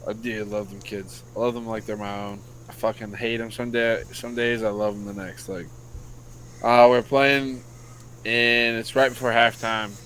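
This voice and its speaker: A casual, profane American man spins a long story in a bright, sharp voice. His pitch sits a little low. A faint hiss runs under the recording. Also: little pitch movement, normal speed, low-quality recording. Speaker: podcast co-host, youth football coach. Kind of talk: casual chat.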